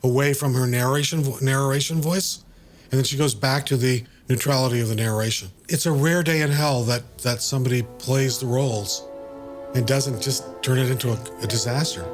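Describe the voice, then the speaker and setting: A man, the writer of the piece, giving script notes in a discursive, halting way with many fillers, over a video call. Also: medium pitch, soft background music. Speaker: writer and director.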